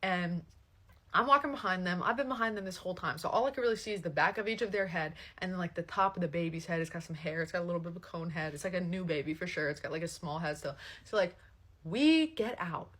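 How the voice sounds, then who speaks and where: A young woman telling a casual storytime, animated and swearing freely, full of fillers. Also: lowish voice, fast talker.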